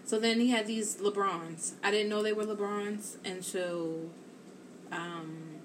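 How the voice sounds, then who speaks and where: A woman chatting live to her viewers in a loose, rambling storytelling way, full of "like" and "or whatever." Her voice sits at an ordinary middle pitch. A faint room hum stays underneath her. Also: takes it slowly. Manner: rambling and animated, heavy use of "like" and "or whatever". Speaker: live-stream host.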